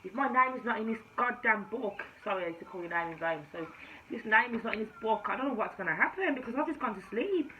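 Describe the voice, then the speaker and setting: A woman with a Jamaican-tinged accent, a tarot reader, telling her spiritual testimony to camera in an emphatic storytelling manner, swinging between hushed and loud. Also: a little high, lively intonation, quick pace, slight background noise. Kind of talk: personal testimony told to camera. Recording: slightly dull recording with faint room ambience.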